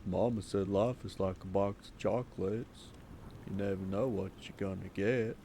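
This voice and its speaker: A man putting on a drawling impression of a slow, earnest Southern character. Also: low voice, steady tone, warm tone, a little hiss or hum.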